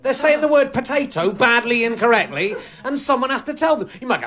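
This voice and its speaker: A man doing a stand-up comedy set on stage, deadpan and ironic, sometimes working himself up into mock outrage. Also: very high-pitched, fast, few pauses. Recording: live audience laughter. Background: audience laughing.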